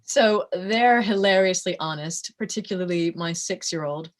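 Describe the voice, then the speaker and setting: A middle-aged woman, a voice actress being interviewed, telling stories in a lively, self-mocking way and laughing often. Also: fairly low pitch, normal speed. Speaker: voice actress guest. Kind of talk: casual interview chat.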